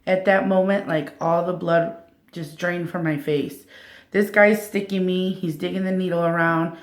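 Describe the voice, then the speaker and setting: Vlogger, woman, 30s, animated storyteller, echoey room. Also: on the low side, normal speed. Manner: animated retelling, acting out others' lines. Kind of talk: casual storytelling to camera.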